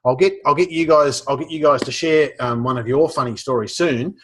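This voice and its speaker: A man's voice: mid-range voice, brisk, slight background noise. An Australian man presenting a webinar, telling a funny story with lots of restarts and fillers. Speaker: professional speaker teaching a webinar.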